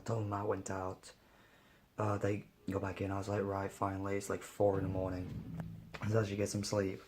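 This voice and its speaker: A young adult vlogger with a cold talks tiredly through a casual daily vlog, sniffly and a bit hoarse, with lots of fillers. His pitch is fairly low.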